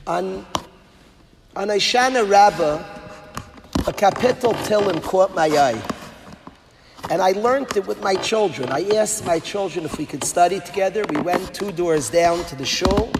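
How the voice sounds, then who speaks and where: A man giving an impassioned sermon as a rabbi, swinging between hushed words and loud, sing-song passages. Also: high-pitched, moderate pace, music in the background. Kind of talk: sermon to an audience of educators. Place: large hall at an event. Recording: long hall reverb, faint background noise.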